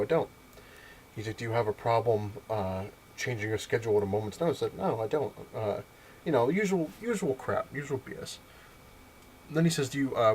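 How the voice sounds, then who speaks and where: A man's voice: medium pitch, a little hiss or hum. A man hosting a casual vlog, rambling through a funny story and laughing at his own jokes. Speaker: vlog host.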